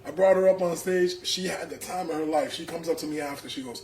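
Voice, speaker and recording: A man with a fairly high voice tells stories with lots of slang and acts out what people said. The sound is roomy and echoey, with faint noise underneath. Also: fast talker. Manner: animated, slangy, acts out quotes. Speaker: comedian guest. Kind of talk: casual storytelling.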